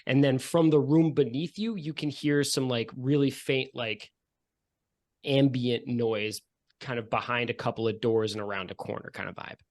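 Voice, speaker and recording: Man as game master, mid-pitched, casual and rambling, lots of "like" and "um". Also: steady tone, normal speed, darkish tone. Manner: loose, rambling with many fillers. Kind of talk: narrating a tabletop game.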